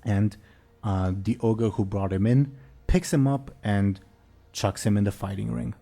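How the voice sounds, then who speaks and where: A man narrating as game master of a tabletop game, pausing on fillers as he describes scenes. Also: on the low side, fairly even intonation, vocal fry, warm tone.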